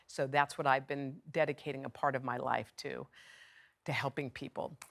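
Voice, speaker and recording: A middle-aged woman speaks in a low voice with a gravelly edge of vocal fry. She tells a personal story candidly and conversationally, acting out the lines of the people she quotes. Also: steady tone, normal speed, fairly bright tone. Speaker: award recipient giving a video message.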